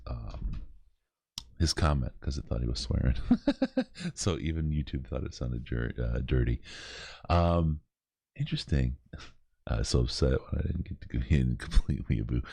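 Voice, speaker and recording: A man's voice: extremely low pitch, moderate pace, vocal fry, pauses often, mellow, dry recording. A man hosting a late-night charity podcast, reading out live comments, joking and laughing often, tired. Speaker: podcast host.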